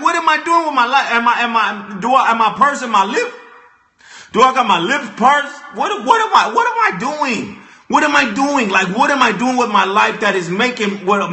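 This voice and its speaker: A young man telling a comic story as a vlogger, animated and repetitive, stumbling over restarts. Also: very high-pitched. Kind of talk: comedic storytelling rant. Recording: echoey room.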